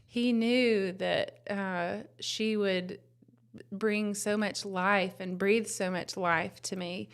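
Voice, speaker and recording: A young woman, telling her story as a new mother in a soft, tender, rambling way. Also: mid-range voice, steady tone, slow pace, vocal fry, clear, resonant tone. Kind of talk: casual personal testimony.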